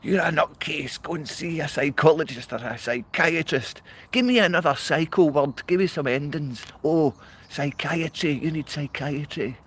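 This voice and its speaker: A man's voice: on the high side, normal speed, a bit bright, slightly rough, pitched above the performer's own voice. A Scottish man putting on the voice of a sneering male official who taunts him. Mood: taunting. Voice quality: mocking, sing-song taunting. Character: sneering adult male official, mocking and dismissive.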